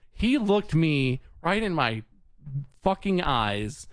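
A man in his thirties, a podcast co-host, telling a story in a casual, animated and exasperated way, swearing freely and acting out other people's lines. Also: on the high side, takes it slowly, smooth, no echo, studio quality.

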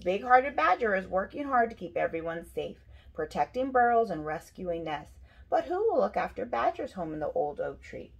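A middle-aged woman, a school principal, reading a picture book aloud to children with expressive storytelling. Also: mid-range voice, normal speed, gravelly, lo-fi sound.

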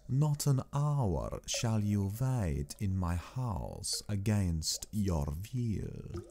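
Count Dracula, a man voicing a slow stately vampire. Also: on the low side, warm tone, full character voice. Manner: slow, measured, menacing. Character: old aristocratic vampire count, sinister, stately.

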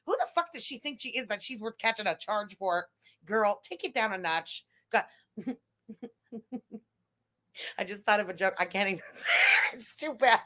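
A woman's voice: medium pitch, animated, normal speed, bright, forceful tone. Brassy profane woman commentator. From Quebec. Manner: profane, mocking, laughs often. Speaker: YouTube commentator. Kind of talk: live reaction commentary.

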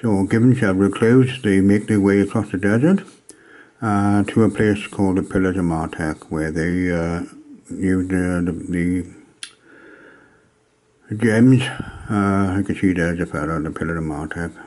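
A man from Wales casually reviewing an old tabletop game module, pausing often with ums and uhs as he gathers his thoughts. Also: low-pitched, steady tone, a little mellow. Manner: hesitant, many ums and uhs.

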